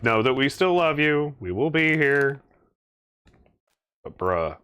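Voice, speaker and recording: A man's voice: medium pitch, expressive, slow, fairly bright tone, smooth. A man hosting a casual livestream, reading chat aloud and chatting in an easygoing way. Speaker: stream host.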